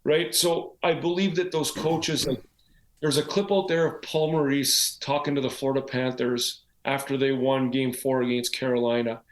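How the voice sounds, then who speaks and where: A man's voice: medium pitch, moderate pace, echoey room. A man, a former pro hockey player turned coach, telling stories in a casual podcast conversation, often adding "like" and "right?". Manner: animated storyteller, frequent "like" and "right?".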